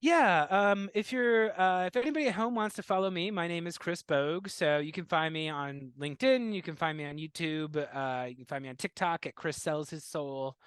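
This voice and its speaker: An animated man tells stories in a fairly high voice, slipping into quoted voices of relatives and laughing at his own tales. The sound is close and dry, with no room around it. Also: normal speed, few pauses, clean tone, no echo. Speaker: comedian and guest. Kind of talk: casual interview chat.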